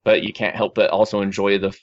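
Chatting casually with a group of friends, a man rambles through his news with lots of restarts and fillers. His voice is on the low side, flat and fairly quick, captured on a dull lo-fi recording with no echo.

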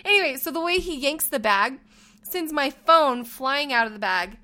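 A woman co-hosting a podcast, telling a story in a casual chat, animated and laughing, acting out the lines she quotes. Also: high voice, normal speed. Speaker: podcast co-host.

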